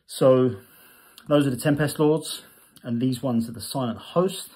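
A man's voice: medium pitch, takes it slowly, pauses often, a little mellow. Casual male hobby reviewer; chatty, reads magazine text aloud, stumbles and self-corrects.

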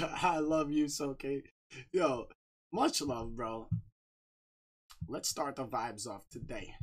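Male streamer, laid-back and upbeat, rattling off shout-outs to chat on a desk mic. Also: a little high, expressive, measured pace, pauses often, breathy edge. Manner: upbeat, shouting out viewers by name. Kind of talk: casual livestream chat.

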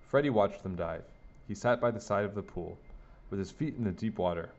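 A man reading a children's picture book aloud in a lively, sing-song way. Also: lowish voice, fairly quick. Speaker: storybook reader. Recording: dull lo-fi recording.

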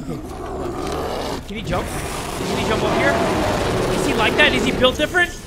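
A man commenting on a horror game he plays, joking, swearing and yelling in panic at the scares. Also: very high voice, moderate pace, long pauses, loud music behind the voice. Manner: excitable, screams and yells at jumpscares; jokey, swears a lot. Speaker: gaming YouTuber.

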